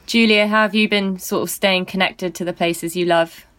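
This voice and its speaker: A woman's voice: medium pitch, fairly even intonation, moderate pace, a bit bright. A woman hosting a casual podcast chat, earnest and thoughtful. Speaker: host.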